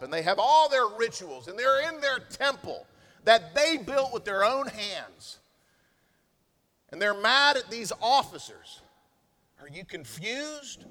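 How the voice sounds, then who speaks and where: A man preaching a sermon as a pastor, swinging between loud stressed lines and hushed asides. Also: sits high. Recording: long hall reverb.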